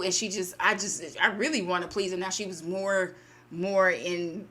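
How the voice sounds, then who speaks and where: A woman's voice: on the low side, normal speed, bright, forceful tone, a little hiss or hum. A woman casually retelling a short story in her own words, chatty and full of fillers, acting out the lines of the characters. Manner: chatty, many fillers and quoted asides. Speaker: story channel host.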